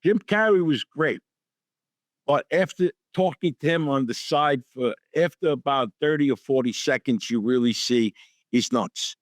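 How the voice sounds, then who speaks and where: An older man, an actor guest on an interview show, telling lively anecdotes and acting out the dialogue in them. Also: mid-range voice, unhurried, no echo, clean studio sound. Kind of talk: storytelling interview.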